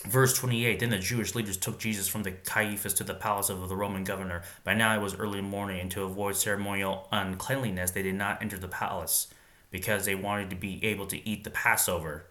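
A man with a deep voice reads a Bible passage and keeps pausing to wonder aloud about it. His tone is bright and forceful, and he moves between steady reading and loose, musing commentary. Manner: reads scripture aloud, then pauses to muse and wonder aloud.

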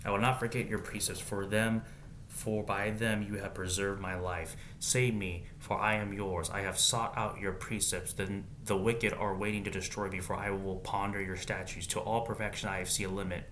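A man's voice: fairly low pitch, flat delivery, moderate pace, fairly bright tone, a little hiss or hum. A man reading Bible verses aloud in a casual way, breaking off now and then with slangy comments of his own.

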